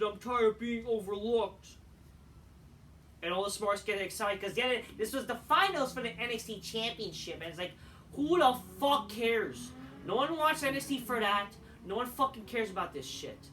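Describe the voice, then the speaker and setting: Brief: weary, profane male reviewer, bright sharp tone, off-mic with faint hiss, swings into shouting. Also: high-pitched. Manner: profane, rambling, bursts into shouting rants. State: tired. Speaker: wrestling show reviewer. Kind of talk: casual rant review. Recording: distant mic with faint background noise.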